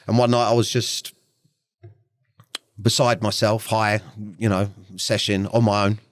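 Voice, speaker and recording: A man talks candidly as a guest. His voice sits very low and is recorded dry and close. He speaks bluntly, swears freely and often breaks off to restart a sentence. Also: flat delivery, a little slow, no echo. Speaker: podcast guest. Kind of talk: candid interview talk.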